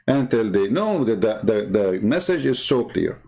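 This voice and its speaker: A man's voice: medium pitch, big pitch swings, normal speed, hardly any pauses, a little mellow. A man hosting a livestream, talking in a blunt, sarcastic and scornful way. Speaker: livestream host. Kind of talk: combative livestream commentary.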